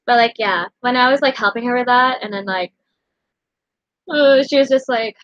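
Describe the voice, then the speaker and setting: A woman's voice: on the high side, normal speed, pauses often, fairly bright tone, no echo, muffled recording. A young woman in her late teens rambling emotionally through a casual storytime vlog, full of fillers. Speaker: vlogger.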